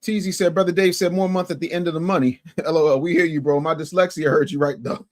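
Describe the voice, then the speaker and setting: Male streamer, chat-reading commentary, pitched a little high, emphatic, repeats himself, volume swings. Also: fast talker, few pauses. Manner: animated, swings from loud to low and muttered; emphatic, repeats phrases for effect. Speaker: livestream host.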